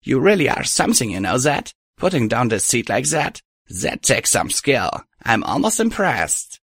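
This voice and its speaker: A man's voice: medium pitch, sing-song, normal speed, fairly bright tone, husky, no room sound, clean studio sound, voice pushed up. A man reading a story and voicing a coy, smug female alicorn pony villain who mocks lazily. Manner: teasing, lazily mocking. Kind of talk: audiobook reading of fan fiction.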